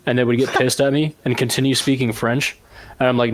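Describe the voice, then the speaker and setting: A man's voice: mid-range voice, level tone, brisk, no echo. A man from Ohio co-hosting a podcast, telling an exasperated story with plenty of swearing. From southeastern Ohio, USA. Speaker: podcast co-host. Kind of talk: casual podcast chat, storytelling.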